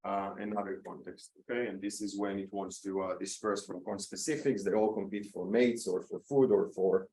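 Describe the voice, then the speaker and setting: A man giving an academic lecture at a conference, pausing with many "um"s, checking in with "okay?", and adding dry asides. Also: low voice, steady tone, mellow, rough recording. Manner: lightly sarcastic asides. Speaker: academic speaker.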